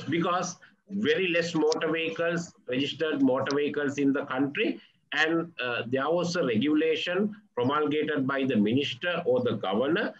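Halting Sri man, formal address. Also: on the high side. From Sri Lanka. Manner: halting, formal delivery full of uh fillers. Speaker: police official giving a presentation. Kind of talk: formal conference presentation. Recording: dull lo-fi audio with faint background noise.

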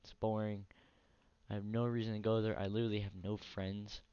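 On a casual let's play, a weary man comments on his console gameplay, ranting with blunt profanity. His lowish voice is level, warm and smooth, moving a little fast. It's captured dry on a dull lo-fi mic, with no room sound.

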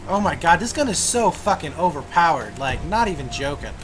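A man giving casual commentary on his own gameplay, excitable, swearing and breaking into sudden yelps and groans. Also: on the high side, brisk, soft background music.

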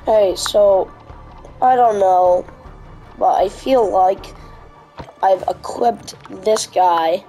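Slow-talking ranting woman gamer. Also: medium pitch, warm tone, faint music behind, rough recording. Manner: ranting, frustrated, blunt. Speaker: gamer streamer. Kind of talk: casual gameplay commentary.

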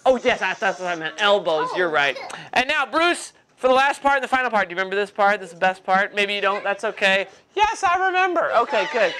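A woman with a high, bright voice performs as a children's magician. She teases her young helpers and calls out commands to the audience. The live recording has steady background noise. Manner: playful, teasing. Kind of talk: interactive kids' show patter. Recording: noisy live show recording.

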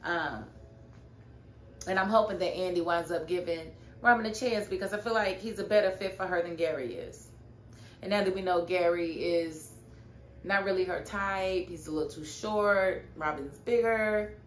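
A woman's voice: lowish voice, normal speed. Sassy woman recapping TV, echoey room. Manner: animated, sassy, talks straight to the characters. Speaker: TV show reviewer. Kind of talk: casual TV recap vlog. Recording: echoey room with faint noise.

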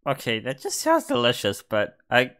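A man's voice: mid-range voice, wildly swooping pitch, normal speed, a bit bright. A man commentating casually as a gaming YouTuber, thinking aloud in a chatty, hesitant way. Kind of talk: casual commentary while playing a quiz.

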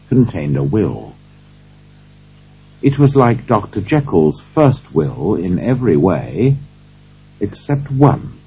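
A man reading a story aloud for English learners in a slow, deliberate way. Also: lowish voice, dark tone, husky. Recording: dull lo-fi recording.

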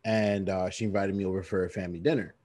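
A man's voice: low-pitched, fast talker, no room sound. A man co-hosting a podcast, telling a personal story in casual chat, acting out other people's voices and laughing often. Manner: animated storyteller, acts out friends' voices and laughs a lot. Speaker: podcast co-host.

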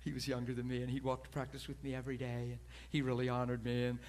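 A man preaching from the pulpit, telling a story in an animated way, laughing and rambling at himself. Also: medium pitch, fast talker, slight background noise. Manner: animated, laughing storyteller who acts out quoted voices; self-deprecating and rambling. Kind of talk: sermon storytelling. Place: church pulpit.

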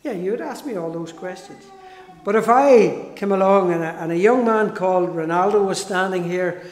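A man preaching a sermon in a church, slow and emphatic, repeating key phrases for weight. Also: high-pitched, darkish tone. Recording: echoey church hall.

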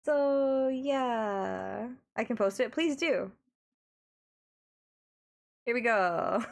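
Australian female streamer, casual chat, giggly, a bit high with a gravelly edge. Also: animated, very slow. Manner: giggly, flustered, talks to chat.

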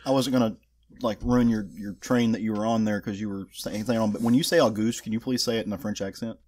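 A Southern man with a husky edge to his voice chats on a podcast. He jabs at his co-host playfully in easy, relaxed banter. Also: lowish voice, fast. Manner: playful, teasing interjections. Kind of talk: casual podcast chat.

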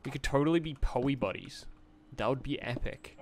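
A man's voice: medium pitch, normal speed, a little mellow, a little hiss or hum. A young man streaming a game, chatting casually with viewers, joking and greeting them with upbeat bursts. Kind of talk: casual gameplay chat with viewers.

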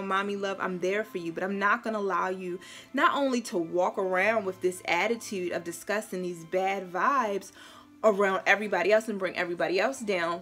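A Brooklyn mom in her thirties talks frankly and emphatically in a casual family vlog, playfully scolding her small son. Her voice is mid-range and a bit bright, with a Brooklyn accent.

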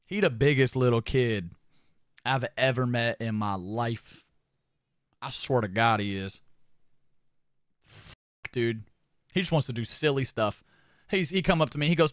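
A young man streamer telling a funny story to his chat in a casual, animated, profane way, often laughing. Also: medium pitch, measured pace, pauses often, dry recording, studio quality.

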